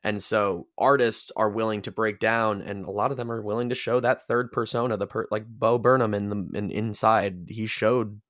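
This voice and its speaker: A man's voice: lowish voice, fairly even intonation, moderate pace, hardly any pauses, a bit bright, no room sound, clean studio sound. A man talking as a podcast guest in casual chat, reflective and rambling, often restarting his sentences.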